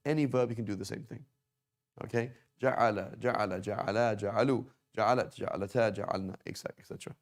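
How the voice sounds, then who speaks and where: A man with a fairly low voice teaches a classroom grammar lesson. He explains patiently and keeps checking in with his students as he writes at the board. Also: darkish tone. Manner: explains patiently, repeats and checks with "right?" and "okay?". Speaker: Arabic teacher. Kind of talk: classroom lesson on verb conjugation.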